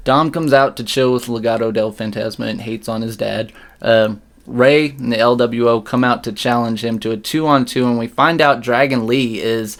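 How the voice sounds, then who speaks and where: A man's voice: mid-range voice, fairly even intonation, moderate pace. A man co-hosting a podcast in casual chat, blunt and jokey, swearing freely. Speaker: podcast co-host.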